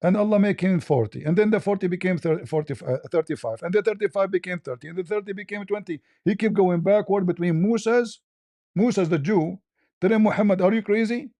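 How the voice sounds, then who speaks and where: Man, host, heated debate, mellow warm tone, dry close sound, somewhat high voice. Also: a little fast, no room sound. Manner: argumentative, repeats points, mocking.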